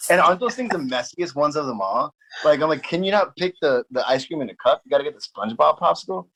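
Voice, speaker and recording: A man's voice: fairly high pitch, quick pace, a little hiss or hum, poor audio. Laid-back laughing male podcast host. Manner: laughing, relaxed storyteller. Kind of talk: casual chat.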